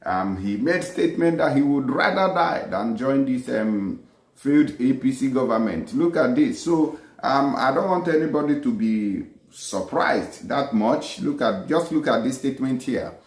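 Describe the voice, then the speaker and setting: A man's voice: mid-range voice, expressive, a little slow, darkish tone. A man from Nigeria giving combative, scolding commentary on news clips. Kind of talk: opinionated commentary over clips. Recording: roomy echo.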